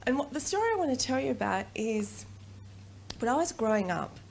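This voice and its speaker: A middle-aged Australian woman giving a personal storytelling talk at a conference, animated and quick to laugh. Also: on the high side, vocal fry, slight background noise. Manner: animated, laughs often, acts out voices in quotes. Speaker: conference speaker. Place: conference room.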